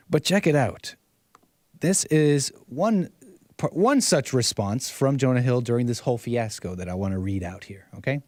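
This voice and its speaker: A man's voice: mid-range voice, animated, normal speed, pauses often, a little mellow, no room sound, clean studio sound. A man hosting casual online commentary, mocking and rambling, repeating himself and chuckling often.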